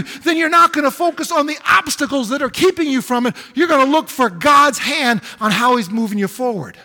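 High, bright-voiced preaching pastor. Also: male voice, moderate pace, hardly any pauses, big-room sound, a faint crowd. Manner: preacherly, building to emphatic exclamations. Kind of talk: sermon. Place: church sanctuary.

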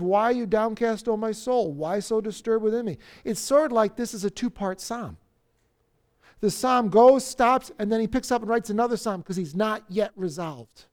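A man preaching a sermon who acts out the psalmist's cries, swinging from loud outbursts to near-whispers. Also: very high voice. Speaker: pastor.

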